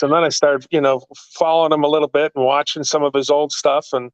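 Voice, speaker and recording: A man telling wrestling stories in a casual chat, excitable and rambling, his pitch jumping up in the story. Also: fast, clean tone, dry recording, poor audio. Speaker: guest, actor and former wrestling manager.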